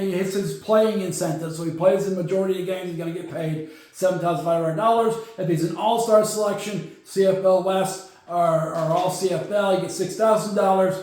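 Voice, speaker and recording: High-voiced man talking sports in echo. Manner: chatty, rambling, stumbles over numbers. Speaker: podcast host. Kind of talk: casual sports talk. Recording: very echoey room.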